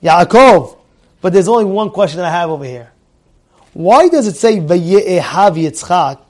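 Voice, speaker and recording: A middle-aged man leads a Torah class with a high, lively voice. He repeats phrases for emphasis, peppers his talk with Hebrew terms and keeps asking his listeners whether they follow. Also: unhurried. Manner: animated, repeats phrases for emphasis, asks the audience questions. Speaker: Torah teacher.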